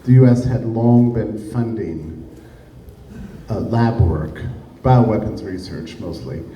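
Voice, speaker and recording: A man's voice: on the low side, takes it slowly, lo-fi sound. Man lecturing in an echoey hall. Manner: emphatic, sarcastic, rhetorical asides to the audience. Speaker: speaker giving a talk. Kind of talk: public lecture. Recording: echoey room, heard from a distance, faint noise.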